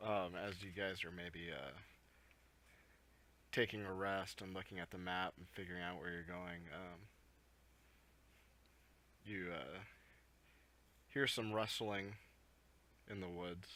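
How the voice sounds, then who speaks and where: A man narrating as game master in a tabletop game, pausing often with fillers. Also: low-pitched, steady tone, pushed and bright. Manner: hesitant, many fillers.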